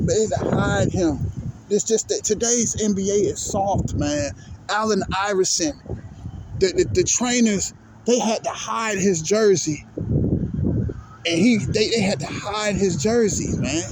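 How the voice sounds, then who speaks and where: A man's voice: on the high side, noisy background. A man hosting his own basketball channel, ranting in a profane, heated way that turns emotional, repeating "man" again and again. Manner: profane, heated, repetitive, says "man" constantly; swings from angry to emotional. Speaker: basketball vlog host. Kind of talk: ranting monologue.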